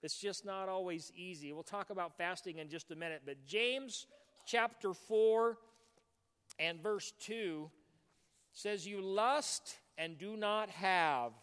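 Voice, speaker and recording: A man preaching a sermon as pastor, animated, breaking into shouts, in a church. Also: high-pitched, slow pace, clear, resonant tone. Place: church sanctuary. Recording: long hall reverb.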